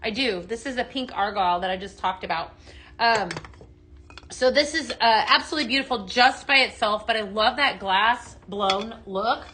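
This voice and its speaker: A woman's voice: on the high side, normal speed, pushed and bright, slight background noise. Bubbly woman selling live from home. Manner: bubbly, chatty, reads viewer comments aloud. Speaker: live-stream seller. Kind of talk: live home-decor sales stream.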